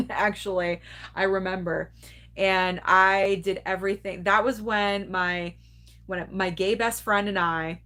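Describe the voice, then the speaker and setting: A woman's voice: medium pitch, a bit bright. A woman of around forty hosting a casual movie club livestream, chatting candidly with viewers, reading out their comments and laughing often.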